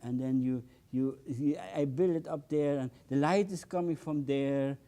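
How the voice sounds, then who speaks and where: A man's voice: medium pitch, normal speed, warm tone. An older man demonstrating oil painting with a palette knife, talking with bursts of enthusiasm, repeating words and exclaiming over the results. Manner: enthusiastic, exclaims often, repeats words, non-native phrasing. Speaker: painting instructor.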